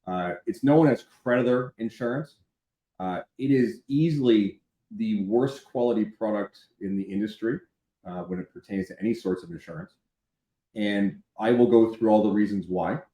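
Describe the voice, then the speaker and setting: A man's voice: on the low side, lively intonation, normal speed, mellow. Emphatic man, echoey room. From Canada. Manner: emphatic, blunt, builds intensity. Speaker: insurance expert guest. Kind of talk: candid conversational explanation.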